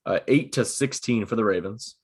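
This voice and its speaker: Chatting casually on a podcast recorded over video call, a young co-host with a low-leaning voice goes through a list at a moderate pace. His speech is dotted with "um" and "uh."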